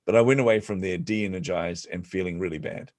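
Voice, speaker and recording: A man, a podcast guest, telling stories in an animated, self-deprecating way and acting out the voices of people he quotes. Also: sits low, a little fast, no room sound, studio quality. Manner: self-deprecating humor, frequent laughs. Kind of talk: storytelling in an interview.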